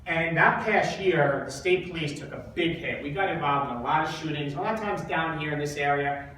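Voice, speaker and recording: Guy choking back tears telling a hard story, slightly high voice, big echoey hall, mic kinda far. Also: a bit bright, a little hiss or hum. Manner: halting, repeats words, acts out quoted dialogue. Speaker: speaker at a coaching event. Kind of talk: emotional personal story to an audience.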